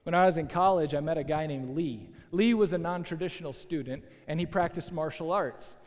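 A man preaching a sermon as a pastor, telling a story in a lively, conversational way with asides to the listeners. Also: fairly high pitch, fairly quick. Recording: long hall reverb.

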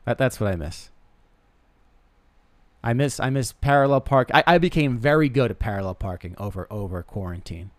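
A man's voice: medium pitch, lively intonation, moderate pace, no room sound. A young man hosting a podcast, telling rambling self-deprecating comic stories with lots of stammered restarts. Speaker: podcast host. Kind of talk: casual comedic monologue.

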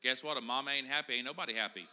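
A man's voice: medium pitch, rapid-fire, bright, forceful tone, a little hiss or hum. A middle-aged man preaching a casual sermon in a church, chatting and joking with the congregation. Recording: church hall reverb.

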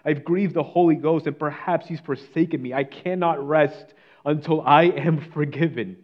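A preacher voices a remorseful man in anguish, crying out over his sins. The voice lifts higher and louder than the speaker's usual delivery, pleading and distraught. The sound is dull and a little lo-fi. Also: normal speed, lightly acted. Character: anguished guilt-stricken man crying for forgiveness.

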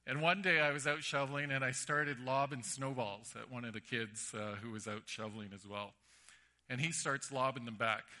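A man preaching a sermon, telling stories animatedly and acting out the voices. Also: medium pitch. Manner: animated storytelling with acted-out voices.

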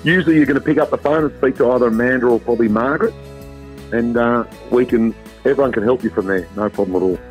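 An Australian man, a travel company guest, chatting in a relaxed, upbeat way during a phone interview. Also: mid-range voice, fast talker, faint music behind. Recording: dry tinny phone line.

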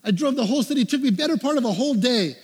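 A man with a high, bright-sounding voice preaches a storytelling sermon, acting out his own prayers and quoting the people he met. His voice rings out with a long reverb, as if he is filmed in a big hall. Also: very fast, breathy edge. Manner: animated, acts out his own prayers and quotes. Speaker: pastor.

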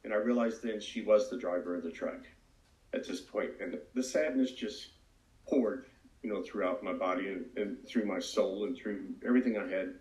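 Low-voiced man telling his story. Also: steady tone, normal speed, a little mellow. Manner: earnest, reflective storytelling. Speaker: AA speaker. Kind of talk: personal recovery testimony. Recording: roomy echo.

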